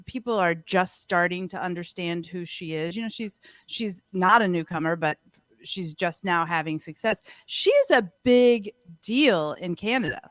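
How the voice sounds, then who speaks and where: A woman's voice: on the low side, moderate pace, fairly bright tone, no room sound, studio quality. A woman co-hosting a radio show, chatting and teasing in a casual way. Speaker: radio co-host. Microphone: studio microphone.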